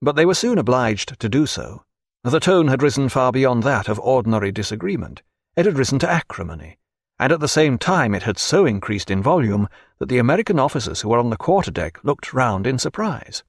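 A man narrating a novel as an audiobook, expressive and varied. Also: medium pitch, a little fast, no room sound, studio quality.

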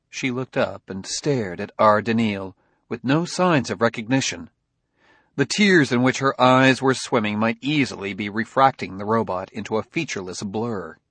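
A man narrating an audiobook in an expressive reading voice. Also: lowish voice, breathy edge, no room sound.

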